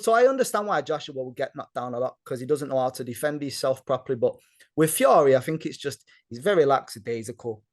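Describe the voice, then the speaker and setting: A man with a Manchester accent, a guest giving blunt opinions in casual chat, animated and talking in quick bursts with lots of fillers. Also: fairly high pitch. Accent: Mancunian. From Manchester, England.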